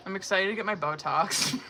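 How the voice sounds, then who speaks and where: A woman's voice: mid-range voice, normal speed, a bit bright, a little hiss or hum. Chatty, profane woman reading tarot live. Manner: chatty and profane, laughing often. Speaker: tarot reader.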